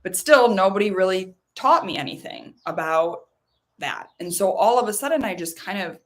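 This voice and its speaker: A woman with a voice of ordinary pitch leads listeners through a tapping meditation. She speaks slowly and calmly when she guides. She turns lively and chatty when she shares her own experiences. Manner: slow soothing guidance that turns into lively chatty storytelling. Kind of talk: guided meditation and personal talk.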